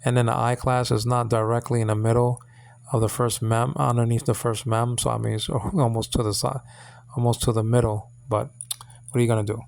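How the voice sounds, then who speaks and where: A man's voice: medium pitch, little pitch movement, vocal fry, a little mellow. A man hosting his own channel and teaching Hebrew letters from the Bible in an informal lesson. He halts, repeats words and checks in with his listeners. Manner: halting, repeats words, many fillers; coaxing checks like "okay?" and "you understand?".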